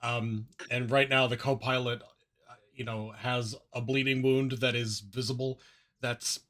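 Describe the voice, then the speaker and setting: A man's voice: mid-range voice, flat delivery, unhurried, fairly bright tone. A man playing a tabletop game, describing his character's actions hesitantly, often repeating words. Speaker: player.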